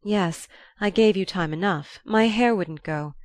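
A woman reading the part of a proud, volatile young countess, shrill and imperious in an audiobook. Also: a little slow, no echo, lightly acted. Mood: brisk. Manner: imperious, abrupt.

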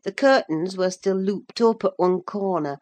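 Woman reading a novel aloud. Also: mid-range voice. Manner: steady, measured storytelling. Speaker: audiobook reader. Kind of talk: scripted narration.

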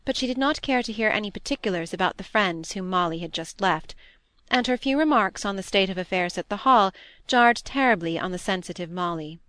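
A woman narrates a classic novel in an even, measured voice of middling pitch. The recording is dry and close, with no room sound. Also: dry recording. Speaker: audiobook reader.

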